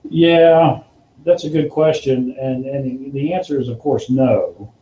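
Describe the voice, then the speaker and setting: A man hosting a podcast tells an animated story in a mellow, relaxed voice. He acts out the people in it with lively shifts in tone. The recording has a roomy echo. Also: slow, dull audio. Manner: animated storyteller, acts out quotes in a higher voice, laughs often. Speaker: podcast host. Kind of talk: casual storytelling chat.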